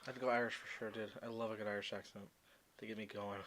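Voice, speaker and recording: A man's voice: on the low side, level tone, fast talker, fairly bright tone. A young man co-hosting a casual podcast, joking, swearing freely and laughing often. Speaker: podcast co-host. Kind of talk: casual chat.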